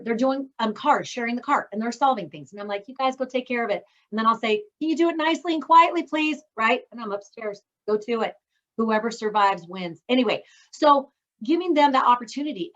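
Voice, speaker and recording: A woman's voice: on the high side, fairly bright tone. A middle-aged woman hosting a casual, faith-based talk on parenting. She is chatty and upbeat and acts out the things she says to her kids. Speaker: host. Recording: dull lo-fi sound.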